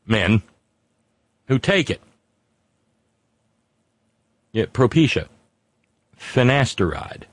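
A sardonic male comedy host rambles through viewer comments, his pitch swooping up and down as he riffs. The sound is bone-dry and close to the mic, with no room at all. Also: big pitch swings, slow, no room sound. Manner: sardonic, profane, giggly asides.

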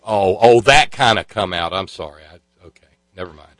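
A man's voice: on the low side, fairly quick, fairly bright tone, dry recording. A male host in casual chat, sarcastic and mocking, often stammering.

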